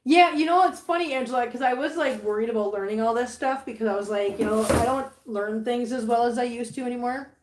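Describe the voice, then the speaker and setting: A woman's voice: fairly high pitch, fast. A woman hosting a casual live stream from her home, chatting to viewers about her cats and laughing often. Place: home living room. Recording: roomy home sound with faint background hiss.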